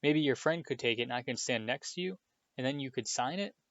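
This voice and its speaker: A man's voice: mid-range voice, fairly quick, fairly bright tone, no room sound, lightly acted. A man voicing an eager, starstruck young boy wizard who talks breathlessly and hopefully. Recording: dull, dry lo-fi recording.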